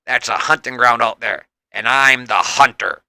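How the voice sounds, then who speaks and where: A man voicing a gruff, menacing veteran mutant fighter in a comic read-aloud, speaking in curt lines. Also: mid-range voice, moderate pace, bright, forceful tone, no echo.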